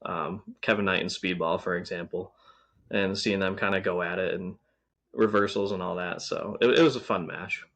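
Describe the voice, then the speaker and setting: A man's voice: deep voice, fairly even intonation, normal speed, a bit bright. A man co-hosting a podcast, casually reviewing wrestling shows with lots of ums and restarts. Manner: rambling, frequent ums and restarts. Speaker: podcast co-host.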